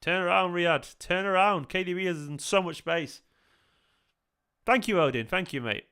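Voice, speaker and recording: A man's voice: sits high, normal speed, pushed and bright, clear, resonant tone. A man streaming a football watchalong, casually thanking viewers by name and swearing freely between comments on the match, sounding tired and emotional.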